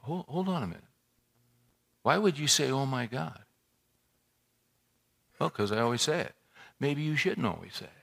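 Man, pastor, church sermon, conversational and animated, rhetorical questions, repeats words, pitch swinging high and low. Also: fairly quick, creaky, long pauses, husky.

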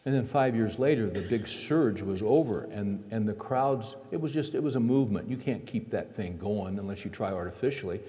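A man's voice: fairly low pitch, animated, brisk, few pauses, warm tone. A man preaching a sermon in a chatty, folksy storytelling way, acting out the dialogue in his stories. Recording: long reverb of a large hall.

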